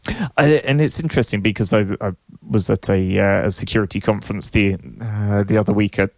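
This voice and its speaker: A man with a low, gravelly voice co-hosts a casual tech news chat. He talks in a halting, wry way, working through his thoughts aloud. The sound is dry and close. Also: no echo. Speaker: podcast co-host.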